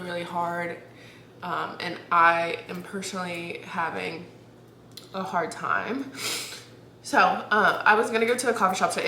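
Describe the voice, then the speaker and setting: A young woman vlogs from her bed, talking candidly into a camera she holds up. She is close to tears and keeps restarting her sentences. Her voice is bright, and the room is echoey with a faint hum behind her. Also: lowish voice. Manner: candid, halting, restarts, laughs through near tears. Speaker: vlogger. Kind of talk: casual vlog talk to camera. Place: at home, in bed. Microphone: camera held up.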